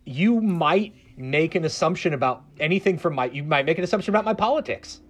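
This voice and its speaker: A man who grew up in the American South speaks as a guest on a casual panel. He talks in a slightly raised pitch and hesitates a lot, restarting his phrases as he thinks aloud. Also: expressive, fairly quick. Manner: hesitant, many restarts and fillers. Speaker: public radio journalist guest.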